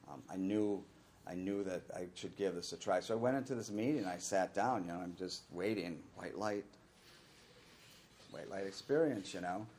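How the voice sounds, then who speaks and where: A man's voice: deep voice, normal speed, darkish tone, slight background noise. A middle-aged man telling his own recovery story in a candid, rambling way, sometimes acting out the voices of the people he quotes. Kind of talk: personal recovery talk.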